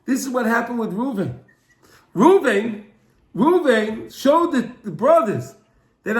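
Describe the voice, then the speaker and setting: A man teaching a Torah class as an animated storyteller who often repeats and restarts his phrases. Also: very high voice, unhurried. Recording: echoey room.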